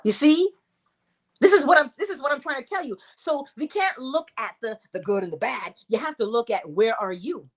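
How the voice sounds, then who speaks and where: A woman hosting a spiritual teaching session and answering audience questions. She speaks in an animated way, acts out quoted voices and laughs often. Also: high voice, moderate pace. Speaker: host and teacher.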